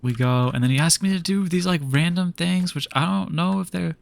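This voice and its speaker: A man's voice: on the high side, fairly quick, gravelly. A young man streaming a game, telling a long story in a rambling, exasperated way full of fillers. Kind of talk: casual storytelling while gaming.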